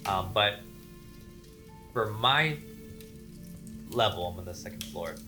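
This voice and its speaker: Animated storyteller over background music. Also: low-pitched, slow. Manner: animated, acts out voices in anecdotes. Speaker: dance company member telling ghost stories. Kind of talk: casual storytelling chat.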